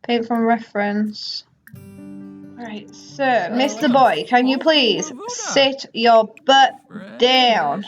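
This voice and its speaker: A gaming YouTuber does a casual let's play of a life-simulation game, chatting away and bossing her characters around. Her fairly high voice has lively intonation and drawn-out words, with soft background music and slightly muffled audio.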